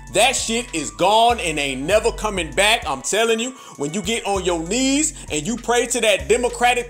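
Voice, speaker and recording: A man's voice: high-pitched, fairly bright tone. A man giving heated, mocking, profane political commentary.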